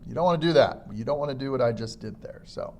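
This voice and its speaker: A man's voice: quick pace, darkish tone, slight background noise. A man teaching a lesson on public speaking, demonstrating good and bad delivery as he explains. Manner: demonstrates faults by mimicking them, varied pitch and pace. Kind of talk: instructional lecture on public speaking.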